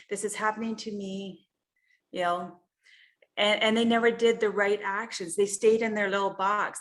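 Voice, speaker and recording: A woman coach leads an online group session over a video call. Her voice sits at an ordinary middle pitch. She explains her points casually and keeps checking in with "you know" and "right?" as she goes. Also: fairly bright tone. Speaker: health and life coach.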